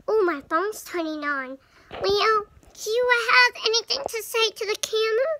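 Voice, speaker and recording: A woman's voice: very high voice, animated, normal speed, pushed and bright, slight background noise. A young girl of about nine chatting bubbly in a home vlog, with many fillers. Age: child, about 9. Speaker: vlogger. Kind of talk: casual vlog chat.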